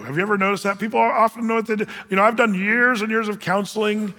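A man's voice: sits high, fast, hardly any pauses, sharp tone, long reverb tail. A male pastor preaching a sermon in a loose, conversational way, often restarting and repeating words.

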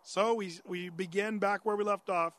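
Guy with a pretty high voice preaching, chatty bible teaching, lots of uhs and restarts. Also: fairly even intonation, normal speed, fairly bright tone. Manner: conversational, answers imagined listener questions; frequent "uh" fillers and restarts. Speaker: pastor. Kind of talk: expository Bible-teaching sermon.

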